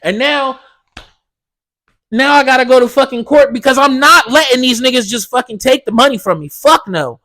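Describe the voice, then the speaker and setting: A man's voice: extremely high pitch, normal speed, bright, forceful tone. Heated, profane man ranting. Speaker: podcast host. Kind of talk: solo podcast rant.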